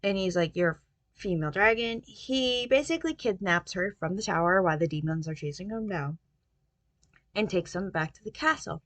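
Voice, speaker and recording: Woman rambling thru a book recap, lowish voice, lots of ums, dry close mic. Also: expressive, moderate pace, fairly bright tone, dry recording. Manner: rambling retelling with many fillers. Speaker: book reviewer.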